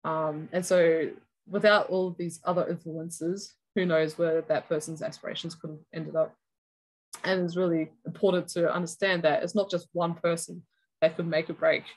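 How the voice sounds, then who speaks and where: A woman's voice: on the low side, little pitch movement, moderate pace, poor audio. A woman giving a conference talk, explaining cloak weaving step by step as an education analogy. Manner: explanatory, walks through a cloak sample step by step. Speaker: educator presenter. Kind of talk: conference presentation.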